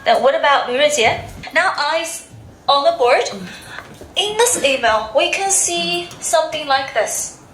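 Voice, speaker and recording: A woman teaching an English class, briskly asking questions and drilling pronunciation. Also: sits high, animated, fairly bright tone, slight background noise. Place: school classroom full of students. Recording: echoey classroom with pupils' chatter.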